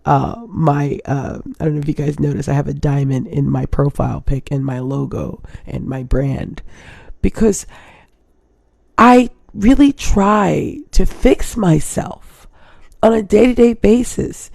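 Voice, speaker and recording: A woman's voice: deep voice, a little slow, gravelly, darkish tone, no echo, clean studio sound. A woman in her thirties from Hawaii, hosting a casual live stream and rambling to her viewers. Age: 30s. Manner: rambling, chatty, keeps addressing viewers.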